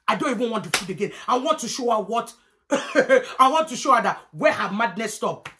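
A young woman telling a storytime vlog, animated and profane, swinging between loud and hushed. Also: on the high side, moderate pace, slight background noise. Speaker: vlogger.

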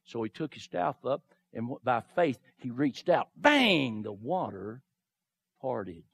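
A man preaching a sermon, acting out the figures of the stories he retells and swinging from low murmurs to shouted declarations. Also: expressive, slow, creaky, husky. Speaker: pastor.

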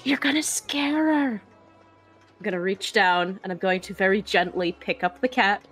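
A woman's voice: mid-range voice, measured pace, soft background music. A woman playing a tabletop game, laughing often and breaking into goofy in-character lines. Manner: giggly, animated, goofy in-character asides. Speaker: player.

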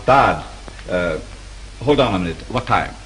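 An actor playing a calm, decisive male studio executive settling a dispute in a 1930s film. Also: deep voice, a little slow, a little hiss or hum, poor audio. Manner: calming, decisive.

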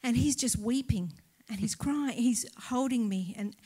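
A woman's voice: high-pitched, expressive, slow, slightly rough. A middle-aged Australian woman pastor telling a testimony story live in church, acting out the dialogue and laughing often.

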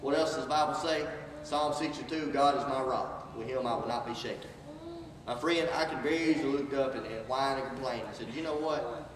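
A motivational speaker in a large hall delivers an inspirational speech, preaching with call and response that climbs to emphatic peaks. His voice is medium-pitched and brisk, with a crowd audible behind him, and the echoey recording is captured from far off.

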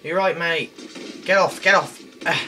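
A man doing chatty, excitable let's play commentary, laughing and shouting at enemies as he plays. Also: fairly high pitch, normal speed, slight background noise. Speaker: gameplay commentator. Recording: game music loud behind voice.

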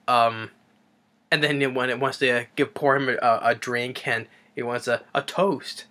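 Guy rambling through a movie review, lots of ums and restarts, bright voice. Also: mid-range voice, fairly even intonation, a little slow. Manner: rambling, with many fillers and restarts. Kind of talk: casual movie review recap.

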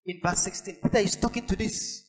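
A pastor preaching a sermon, building to emphatic, repeated lines. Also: male voice, sits high, fairly even intonation, a little fast, low-quality recording. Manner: preaches with rising intensity and emphatic repetition.

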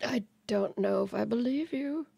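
A woman's voice: on the high side, gravelly, warm tone, breathy edge, dry recording, clean studio sound. A woman co-hosting a podcast in casual chat, with amused reactions. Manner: slow, amused reactions with laughter. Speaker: podcast co-host.

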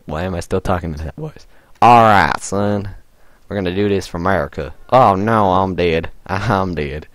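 Man, gaming host, goofy let's-play commentary, talks to the game character, unhurried, dry sound. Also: on the low side, dry recording.

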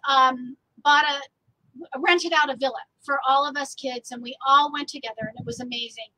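A woman's voice: high-pitched, bright, forceful tone, dry recording, rough recording. A woman artist hosting a casual live stream outdoors, bubbly and laughing often. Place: outdoors, a little windy.

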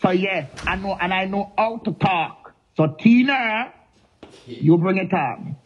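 A woman's voice: mid-range voice, slow, slightly rough. A Jamaican woman goes off in a heated, confrontational rant, taunting and hammering the same name over and over. The audio is a bit muffled and lo-fi. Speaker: social media personality. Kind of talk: angry live-stream rant.

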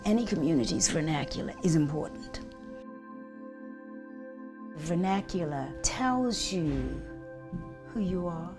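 An older woman from Bermuda with a Bermudian accent, talking emphatically and telling stories in a documentary interview. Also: mid-range voice. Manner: emphatic, animated storytelling.

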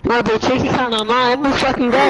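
A man's voice: extremely high pitch, steady tone, quick pace. A man in online gaming voice chat, hurling crude insults and swearing nonstop. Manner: crude, aggressive trash talk with constant swearing. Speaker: gamer in voice chat. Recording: loud noisy voice chat audio.

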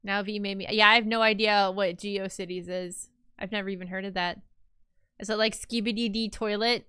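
A woman's voice: medium pitch, fairly even intonation, brisk, bright, forceful tone, smooth, dry recording, clean studio sound. A young woman streamer in casual chat with her viewers, rambling and chatty with lots of fillers.

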